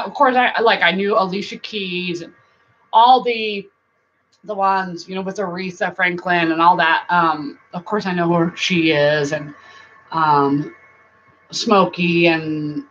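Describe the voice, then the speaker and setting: A middle-aged woman hosting a casual live-stream chat, rambling warmly, laughing often and now and then breaking into song. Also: on the low side. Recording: dull lo-fi sound with faint noise.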